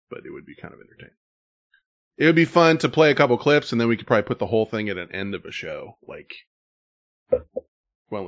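Animated podcast host, dry sound. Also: male voice, mid-range voice, no echo. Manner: animated, laughing, swearing. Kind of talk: casual podcast chat.

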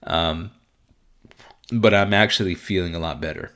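A man's voice: sits low, normal speed, fairly bright tone. A young man telling stories to a camera in a casual, rambling, profane way, with many fillers and bursts of laughter. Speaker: vlogger. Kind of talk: casual storytelling.

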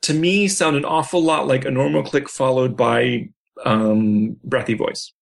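A man's voice: medium pitch, fairly even intonation, unhurried, creaky. A man co-hosting a podcast, speaking in a matter-of-fact, casual way about linguistics. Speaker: podcast co-host.

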